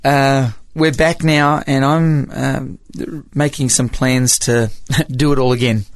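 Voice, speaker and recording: A man's voice: mid-range voice, fairly even intonation, slow pace, dry recording. A middle-aged Australian man with a slight American tinge to his accent, a music evangelist telling stories in an interview, chatty and full of restarts. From Papua New Guinea. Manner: chatty, hesitant restarts, laughs while telling. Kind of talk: storytelling interview.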